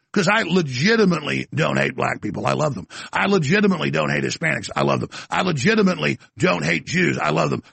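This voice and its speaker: A man rants through a talk-show monologue in a gravelly, rough-edged voice that sits high for a man. He presses every point with insistent emphasis. The sound is close and dry, with no room around it. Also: bright, forceful tone, dry recording. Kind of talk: impassioned talk-radio monologue.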